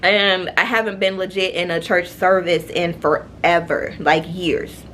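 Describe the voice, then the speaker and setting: A woman vlogger telling a personal story to her viewers, earnest and confiding, repeating herself and jumping up high in pitch when she gets emphatic. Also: steady tone, measured pace, a bit bright, a little hiss or hum. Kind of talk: candid personal storytelling to camera.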